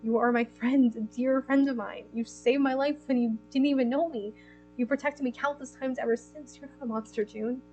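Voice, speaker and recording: A woman's voice: high-pitched, steady tone, normal speed, darkish tone, lo-fi sound, soft background music, natural voice. A woman voicing a kind, earnest young royal, speaking in a tender, reassuring way.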